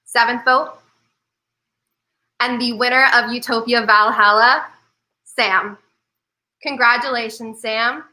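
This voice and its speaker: A woman host reads out final votes one at a time, pausing to build suspense. Her voice is bright and a little high, heard over a video call. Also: steady tone, low-quality recording. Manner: measured, suspenseful vote reading. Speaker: game host reading votes. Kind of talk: announcing results.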